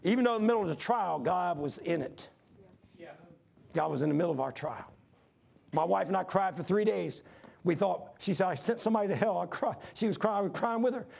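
A middle-aged man preaching a sermon as pastor, telling a personal story and repeating phrases as he builds to shouts. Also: high voice, a little fast, creaky.

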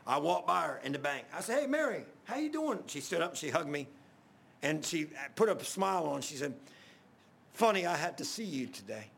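Gravelly preacher telling a story. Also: male voice, a little high, expressive, moderate pace. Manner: rambling, repeats himself, swells loud at emotional peaks. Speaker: pastor. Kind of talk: folksy storytelling sermon.

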